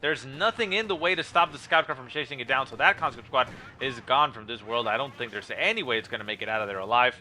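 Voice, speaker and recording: A man giving play-by-play commentary on a strategy game replay, calling the action with lots of "uh" fillers and quick bursts of excitement. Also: medium pitch. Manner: rapid play-by-play with frequent "uh" fillers, rising excitement at kills. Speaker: game caster.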